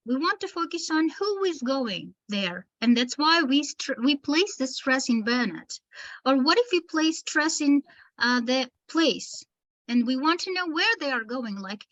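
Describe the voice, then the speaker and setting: A woman teacher trainer with a high-pitched voice leads a webinar for teachers. She speaks slowly and deliberately, pausing between words to model stress. The sound is dull and lo-fi, like a computer mic on a video call. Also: lively intonation, a bit bright. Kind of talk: online webinar lesson.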